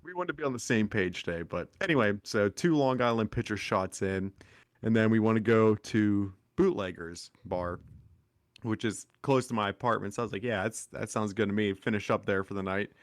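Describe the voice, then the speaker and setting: A young man co-hosting a podcast, telling a rambling, animated story in casual chat. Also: fairly low pitch, fairly quick, no room sound, clean studio sound. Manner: rambling, animated anecdote with acted quotes. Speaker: podcast co-host.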